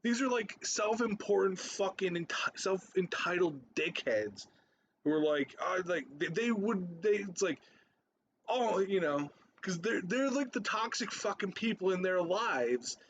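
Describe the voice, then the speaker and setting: A man's voice: high-pitched, expressive, measured pace, fairly bright tone, dull audio, a little hiss or hum. A man in his thirties ranting in a profane, rambling reaction commentary, repeating himself and laughing between points. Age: 30s.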